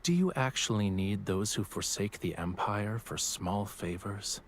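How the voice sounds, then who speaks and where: A man voicing a deep, brooding dark ruler. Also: a little hiss or hum, lightly acted. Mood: menacing. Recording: game audio over clear music.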